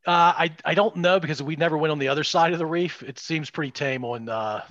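A man's voice: fairly high pitch, brisk, fairly bright tone, dry recording, muffled recording. A middle-aged man co-hosting a podcast, chatting casually and rambling with restarts and asides. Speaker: podcast co-host. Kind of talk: casual chat.

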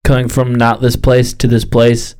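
A man co-hosting a beer podcast in an animated casual chat, swearing a lot and laughing often. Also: medium pitch, normal speed, clear, resonant tone. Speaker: podcast co-host.

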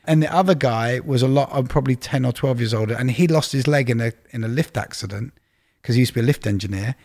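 Brief: middle-aged man, casual interview guest, anecdotal and chatty, even mid-range pitch. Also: fast talker. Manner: chatty anecdotal storyteller, exaggerates for laughs. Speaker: record label executive, guest.

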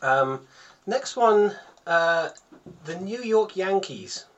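A man hosts a relaxed podcast quiz with a slightly raised voice. He reads each item, trips over his words with frequent ums, and breaks into laughter easily. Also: sits high, extremely slow, dull audio. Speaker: podcast host running a quiz. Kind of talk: casual podcast chat.

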